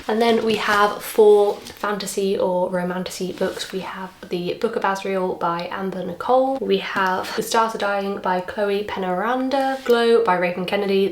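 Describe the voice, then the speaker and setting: Young English woman, bubbly vlogger chatter, roomy sound. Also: mid-range voice. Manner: chatty and excitable, quick asides. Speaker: book vlogger. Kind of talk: casual chat to camera. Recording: echoey room.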